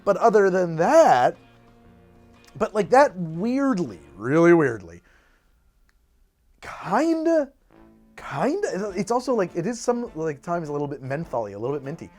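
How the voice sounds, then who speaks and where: Soft music plays behind a high-pitched man who hosts a cocktail show at an unhurried pace, leaving long pauses. Mixing and tasting drinks, he chats casually and animatedly, rambling, letting sentences trail off, and restarting them.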